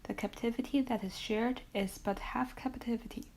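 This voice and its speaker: A woman's voice: on the high side, normal speed. Woman reading a classic novel aloud. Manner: steady narration with occasional self-corrections. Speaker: audiobook reader.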